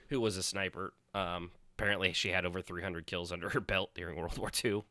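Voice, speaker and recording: A man's voice: sits low, fairly even intonation, a little fast, hardly any pauses, bright, forceful tone, no echo, studio quality. A man hosting a podcast in casual chat, rambling and swearing freely. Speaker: podcast host.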